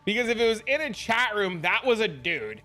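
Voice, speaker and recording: Bright-voiced, crude joking male streamer. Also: high-pitched, sing-song, fairly quick, faint music behind. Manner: crude, joking, storytelling, swears a lot. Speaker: game streamer. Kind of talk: casual chat.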